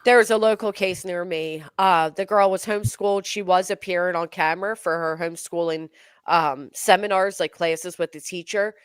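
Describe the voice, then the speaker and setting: A woman's voice: fairly low pitch, steady tone, normal speed, clear, resonant tone, no room sound. A woman hosting a casual true-crime chat, outspoken and indignant as she reacts. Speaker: true-crime commentary host.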